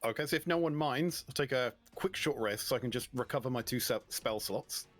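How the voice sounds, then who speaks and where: A man's voice: medium pitch, a little fast, fairly bright tone, faint music behind. A man playing a tabletop game, eager and slightly stumbling as he asks to rest. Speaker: player. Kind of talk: casual tabletop game chat.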